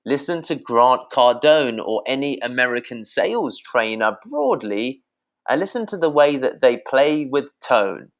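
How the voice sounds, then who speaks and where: A man's voice: mid-range voice, very animated, measured pace. Blunt, swearing British man. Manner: blunt, swears freely, addresses listeners as guys. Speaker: podcast guest. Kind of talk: energetic sales advice.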